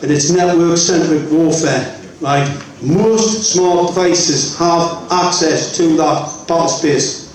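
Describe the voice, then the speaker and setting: A man's voice: on the high side, slow. A man giving an emphatic public talk at a festival, often checking with the crowd by asking "right?". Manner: anecdotal, retells exchanges with quoted voices. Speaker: festival speaker. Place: festival venue. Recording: echoey hall, mic far off.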